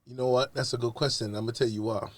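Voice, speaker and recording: A man co-hosting a casual podcast chat, telling stories in an expressive, emphatic way. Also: mid-range voice, racing, no echo. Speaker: podcast co-host.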